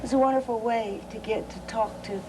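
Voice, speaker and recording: A middle-aged woman with a Southern Appalachian accent, telling a family anecdote in an interview. Her voice sits a little high and she laughs through the tale. A faint hum runs underneath. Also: steady tone, a little fast. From southwestern Virginia. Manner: chatty, laughing storyteller, many fillers. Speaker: interview guest, cookbook author.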